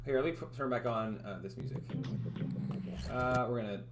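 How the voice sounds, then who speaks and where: A man's voice: mid-range voice, moderate pace, over loud music. A man livestreaming as a game developer, rambling and thinking aloud in casual chat, often laughing at himself.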